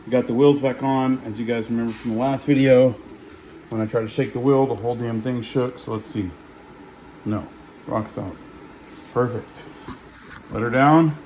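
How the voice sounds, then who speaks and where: Guy in his garage doing a diy fix, thinking out loud, lots of ums, mid-pitched. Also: fairly even intonation, moderate pace, pauses often, slight background noise, low-quality recording. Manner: rambling, hands-on, thinks aloud with fillers. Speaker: DIY vehicle repair vlogger. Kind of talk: casual how-to narration while working. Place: home garage.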